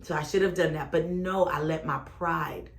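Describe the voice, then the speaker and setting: Sassy, expressive woman with a low voice. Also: moderate pace. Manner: sassy, expressive, rising to loud exclamations then dropping low. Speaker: storyteller vlogger. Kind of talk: animated personal storytelling.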